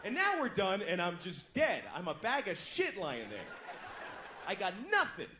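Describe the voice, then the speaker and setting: A man's voice: sits high, huge pitch swings, a little slow. A young man in his twenties doing a crude stand-up comedy set, telling stories conversationally in front of a club audience. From United States. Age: 20s. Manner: crude, conversational storytelling with acted-out voices. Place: comedy club stage before a live audience. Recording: noisy live club recording.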